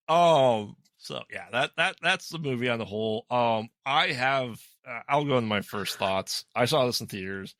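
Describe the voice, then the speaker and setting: A man's voice: medium pitch, lively intonation, unhurried, a bit bright, dry recording. A man co-hosting a podcast who retells a film's plot in casual chat, rambling with frequent ums. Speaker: podcast co-host. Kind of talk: casual movie recap chat.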